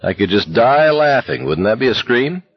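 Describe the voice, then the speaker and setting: A man's voice: medium pitch, sing-song, moderate pace, husky, no room sound, dull audio, voice pushed up. A man voicing a young male marcher, giddy, breathless and desperate. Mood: hysterical.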